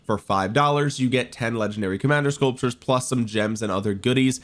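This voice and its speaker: A man's voice: mid-range voice, fairly quick. Young male gaming creator, still getting over a cold, hyped and chatty, moves from complaints to whoops. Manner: excitable, talks to viewers, swings from griping to cheering. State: recovering from a cold. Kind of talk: gameplay commentary.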